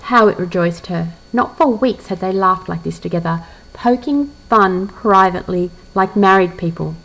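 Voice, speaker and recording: A woman reading a classic novel aloud in a measured, reflective way, pausing to comment on the passage. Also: fairly low pitch, creaky, a bit bright, rough recording. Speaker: audiobook reader.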